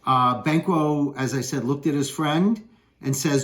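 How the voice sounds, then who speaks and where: A man's voice: fairly high pitch, measured pace, slight background noise. A man teaching a play in a casual, explaining way, walking through its lines with plain paraphrase. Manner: conversational, explanatory, with uh fillers. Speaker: literature teacher.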